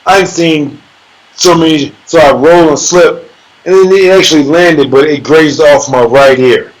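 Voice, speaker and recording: A man, an MMA fighter guest in an interview, telling a sparring story in a casual, profane, animated way and acting out voices and sound effects. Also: fairly high pitch, measured pace, poor audio.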